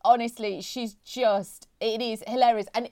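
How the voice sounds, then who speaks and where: A woman co-hosting a casual chat podcast. Her voice sits a little high, and she talks with enthusiastic, rambling warmth and quick restarts. It is an easygoing conversational delivery. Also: fairly even intonation, clear, resonant tone. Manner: enthusiastic, chatty, recommending with restarts. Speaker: podcast co-host.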